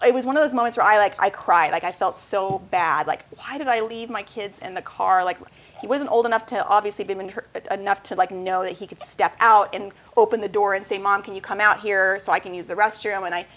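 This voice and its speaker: A woman in her thirties hosting a casual talk show, telling an animated personal story. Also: mid-range voice, fairly quick. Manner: storytelling, animated, acts out voices in anecdotes. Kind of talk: casual chat.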